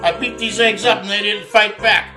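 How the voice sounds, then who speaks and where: A man's voice: high-pitched, steady tone, normal speed. A man hosting a home cooking demonstration, talking in a folksy, joking way and dropping Italian words. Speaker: cooking show host. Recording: echoey room with faint guitar music.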